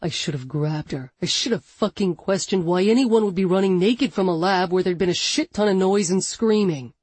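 A woman's voice: on the low side, moderate pace, a little mellow, breathy edge, dry recording. A woman voicing a furious, protective man in an audiobook, cursing in clipped, heated bursts. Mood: angry.

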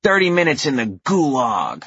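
A man's voice: medium pitch, huge pitch swings, moderate pace, fairly bright tone, husky, dry recording, voice pushed up, full character voice. A man putting on a bossy little girl. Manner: commanding, barking orders. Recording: dull, dry lo-fi recording.

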